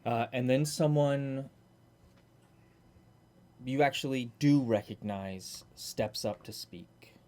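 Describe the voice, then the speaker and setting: A man's voice: mid-range voice, takes it slowly, long pauses, warm tone. A man narrating a tabletop game in a casual, descriptive way.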